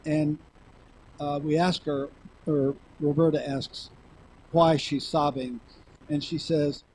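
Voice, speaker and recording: A man giving a lecture, speaking in a slow, halting way with frequent pauses as he reads from notes. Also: fairly high pitch, level tone, a little mellow, breathy edge, low-quality recording. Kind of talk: lecture, reading a hypnosis transcript.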